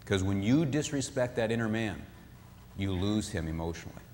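A man giving a sermon-style talk on marriage, animated, acting out what spouses say. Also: on the low side, normal speed, in a large hall, a little hiss or hum. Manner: animated, acts out spouses' voices. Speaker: marriage speaker.

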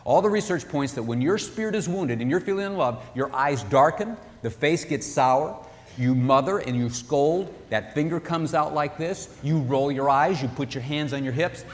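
A man giving a sermon-style talk on marriage, animated, acting out what spouses say. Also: a little high, moderate pace, long reverb tail. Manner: animated, acts out spouses' voices. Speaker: marriage speaker.

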